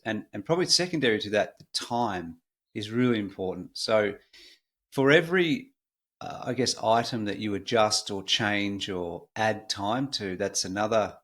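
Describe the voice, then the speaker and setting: A middle-aged Australian man hosting a podcast in a relaxed, chatty way with frequent fillers. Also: lowish voice, normal speed. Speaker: podcast host. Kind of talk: casual conversational podcast.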